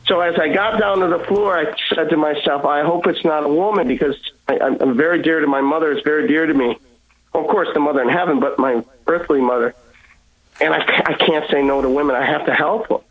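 This man speaks a little higher than most men. He tells his story earnestly and with animation, stumbling over repeated words and acting out each person he quotes. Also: a bit bright, rough recording. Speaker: guest.

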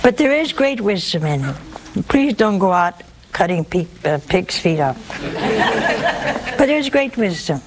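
A woman's voice: mid-range voice, a little slow, over a noisy crowd, very noisy. Woman preacher telling a story with a sore throat. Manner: lively, animated storytelling with humor. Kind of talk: sermon storytelling.

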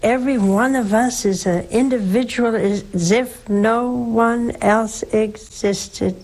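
An older woman, a nun, preaching and counseling callers on a religious call-in show, slow and emphatic, leaping up in pitch for stress. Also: steady tone, darkish tone, a little hiss or hum, low-quality recording.

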